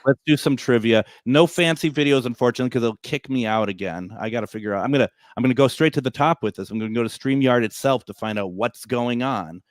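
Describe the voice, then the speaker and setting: A man's voice: mid-range voice, no room sound, studio quality. A man hosting a casual livestream chat, joking and laughing a lot. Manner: jokey, laughs a lot, puts on quick voices for friends. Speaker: host.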